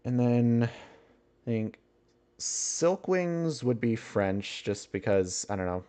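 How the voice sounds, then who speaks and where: A man's voice: mid-range voice, very animated, takes it slowly, dark tone, clean tone. A man chatting casually on a livestream, musing aloud and chuckling often as he answers his chat.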